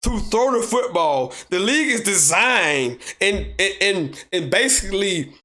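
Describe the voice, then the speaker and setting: Hosting his sports podcast alone, this Southern American man speaks in a high register and a touch slowly. He reads comments from viewers aloud and pushes back on them. His delivery is lively, with points repeated again and again and building toward near shouts.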